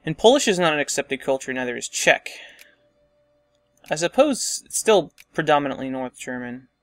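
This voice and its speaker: Bright, gravelly man thinking aloud. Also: a little high, very animated, moderate pace, no echo, soft background music. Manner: thinking aloud, muttering asides. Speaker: let's play host. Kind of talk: casual strategy game commentary.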